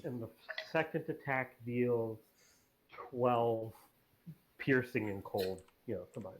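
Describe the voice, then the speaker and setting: A man playing in a tabletop game, calmly reading out his rolls and actions. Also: medium pitch, slow. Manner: matter-of-fact, reads out dice rolls. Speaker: player. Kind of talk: casual game talk.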